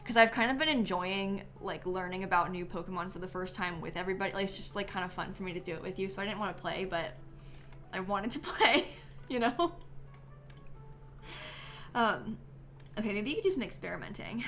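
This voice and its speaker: Bright, chatty woman streamer. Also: mid-range voice, a little fast, faint music behind. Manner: chatty, frequent ums and likes, giggly. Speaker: game streamer. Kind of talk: casual live-stream chat.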